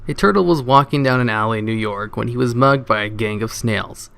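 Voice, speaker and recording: Guy reading jokes, steady even voice, dry no echo. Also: medium pitch, a little fast, vocal fry, smooth. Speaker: narrator of jokes.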